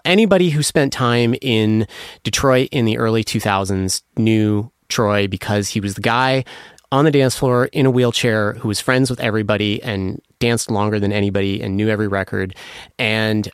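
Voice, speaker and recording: A man's voice: mid-range voice, clear, resonant tone, no room sound, studio quality. Enthusiastic man rambling about records. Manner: enthusiastic, rambling with many fillers and restarts; emotional, apologetic when moved. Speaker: music producer guest. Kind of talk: casual interview answer.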